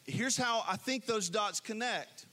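Guy preaching, pretty high voice, tells the bible story with lots of feeling. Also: measured pace. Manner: expressive storytelling preacher, dips low and soft for emphasis. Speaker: pastor. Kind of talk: sermon.

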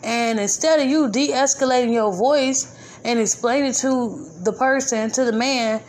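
Indignant woman with a fairly high voice. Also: unhurried, a little hiss or hum. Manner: indignant, emphatic, repeats points for emphasis; informal, colloquial grammar. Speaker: podcast host. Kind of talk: casual spoken commentary.

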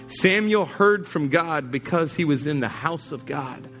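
Male pastor, fairly high voice, punchy sermon delivery with repeated lines, soft music under. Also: lively intonation, measured pace. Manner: emphatic, repeats key lines, acts out quoted people. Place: church service.

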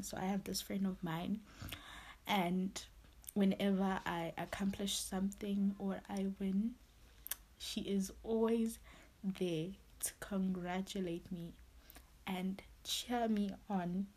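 A woman's voice: medium pitch, darkish tone, husky. A woman hosting a podcast, sharing a heartfelt personal monologue while close to tears, filling her talk with "you know" and "literally". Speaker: podcast host.

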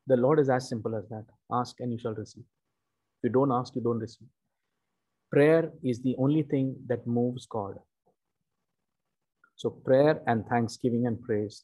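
Male preacher, husky warm tone, deliberate emphatic sermon delivery. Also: mid-range voice. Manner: slow, emphatic teaching with repeated "okay" and "you know".

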